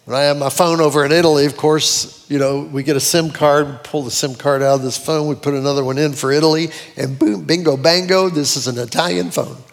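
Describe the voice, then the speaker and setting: Animated preaching man in a reverberant hall. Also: brisk, vocal fry, few pauses. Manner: animated preaching, quoting scripture with dramatic swings in pitch. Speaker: pastor. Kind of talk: sermon.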